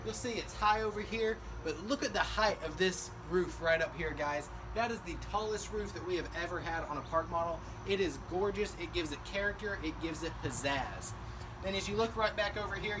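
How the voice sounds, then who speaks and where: A man's voice: sits high, roomy sound, background noise. A man giving an enthusiastic sales walkthrough of a small cottage, talking straight to the viewers. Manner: upbeat, salesy, keeps addressing viewers as guys. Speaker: home tour presenter. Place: inside a small manufactured cottage.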